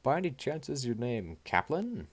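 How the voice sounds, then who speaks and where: A man's voice: mid-range voice, sing-song, moderate pace, pitched above the performer's own voice. A man voicing a gushing, chatty woman from an old film script, effusive and doting on her guests.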